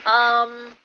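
High-voiced woman ranting, slow and dull-sounding. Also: pushed and bright. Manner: swearing, exasperated, stammering restarts. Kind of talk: angry rant. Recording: dull lo-fi sound with faint noise.

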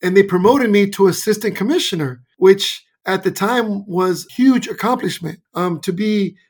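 A basketball coach from California, a man, telling animated stories and acting out dialogue as a guest in an interview. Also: sits high, normal speed. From California, USA. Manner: animated, acts out quoted dialogue. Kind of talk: casual interview storytelling.

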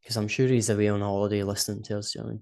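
Chatty Scottish man, low voice. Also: little pitch movement, rapid-fire, a little mellow, smooth. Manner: chatty, laughs often, says "do you know what I mean". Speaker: podcast co-host. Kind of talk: casual chat.

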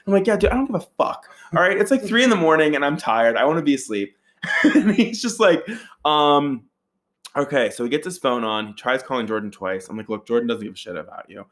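Speaking at medium pitch, a man shares a wild story with friends in a casual, profane, lively manner. He voices the quoted lines himself, his voice jumping sharply as he does.

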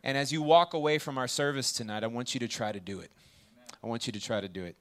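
Here a man with a mid-range voice preaches quickly to a campus ministry group. He talks in an animated, conversational way and often asks listeners questions to check in.

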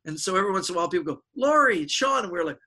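A middle-aged man, a magician guest in an interview, telling animated stories and acting out the voices of people he quotes. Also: high voice, racing, poor audio. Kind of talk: casual storytelling interview.

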